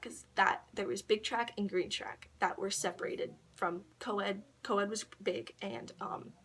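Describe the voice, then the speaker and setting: A woman's voice: mid-range voice, sharp tone, slightly rough. A woman telling a personal story to a camera propped on a tissue box in her bedroom, rambling and giggling, with lots of ums and likes. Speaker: vlogger.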